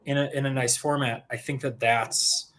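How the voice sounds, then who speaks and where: A man's voice: mid-range voice, steady tone, normal speed, a bit bright. A man co-hosting a livestream in casual chat, rambling and restarting his sentences. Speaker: co-host.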